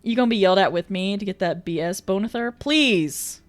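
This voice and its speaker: A woman's voice: medium pitch, fast talker, darkish tone, faint music behind. A woman streaming live, chatting casually and reading out viewer messages, exclamatory, swearing freely and laughing often.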